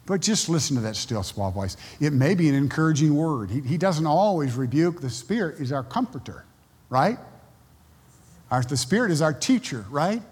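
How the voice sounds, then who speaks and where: A man's voice: fairly high pitch, expressive, normal speed, darkish tone, slightly rough, long reverb tail. A male pastor preaching a sermon, telling stories and acting out the voices of people he quotes. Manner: storytelling, acts out quoted voices.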